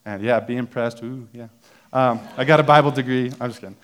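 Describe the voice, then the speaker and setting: A young man preaching in a church, telling a personal story in a relaxed, self-deprecating way with many fillers. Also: medium pitch, a little fast.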